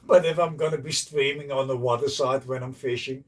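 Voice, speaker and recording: A man's voice: mid-range voice, fairly even intonation, a little fast, recorded from a distance. A man chatting to viewers on a casual livestream, blunt and joking, swearing freely. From Netherlands. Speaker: livestreaming host. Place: outdoors by a canal.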